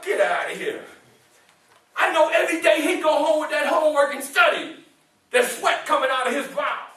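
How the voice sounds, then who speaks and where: A man giving a lively motivational speech to students. He teases them playfully, asks them questions and waits for their answers. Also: very high-pitched. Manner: playful, teasing, asks the audience questions and laughs often. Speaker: motivational speaker. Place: indoor room with a student audience. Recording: very echoey room, mic far off.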